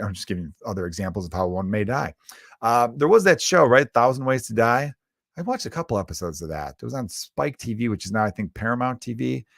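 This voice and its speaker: A man's voice: lowish voice, expressive, fast talker, no echo. Profane ranting man, dry close sound. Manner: profane, riffing, exasperated ranting. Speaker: podcast host and stand-up comedian. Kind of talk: comedic solo rant. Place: lives in Chicago.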